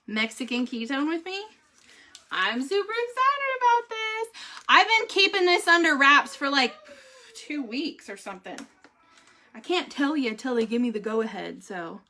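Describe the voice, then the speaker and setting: A middle-aged woman, chatting animatedly in a casual vlog and laughing often. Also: high-pitched. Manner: animated, laughs often, says "holy cow" and "y'all". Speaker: vlogger giving a family update and product review.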